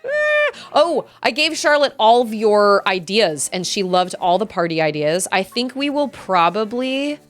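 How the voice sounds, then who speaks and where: A woman's voice: medium pitch, normal speed, few pauses, soft background music. A young woman streaming a game, chatting casually with viewers and often laughing and squealing. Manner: chatty, giggly, squeals excitedly at game moments. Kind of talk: casual gameplay chat with viewers.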